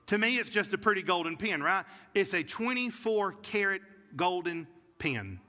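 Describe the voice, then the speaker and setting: High, bright-voiced preacher in a hall. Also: male voice, big pitch swings, normal speed. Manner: storytelling, builds to preaching fervor. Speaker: pastor. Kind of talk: sermon. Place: church sanctuary.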